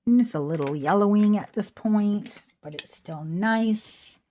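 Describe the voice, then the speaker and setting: A woman's voice: mid-range voice, takes it slowly, dark tone. Chatty woman selling jewelry at home. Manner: chatty, rambling asides. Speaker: online jewelry seller. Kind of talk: casual chat while showing jewelry. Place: home room with a squeaky chair.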